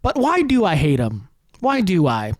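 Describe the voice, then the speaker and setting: A man's voice: high-pitched, huge pitch swings, normal speed, darkish tone, no echo. A man hosting a comedy podcast, delivering a sarcastic, profane rant. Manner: ranting, sarcastic, heavily profane.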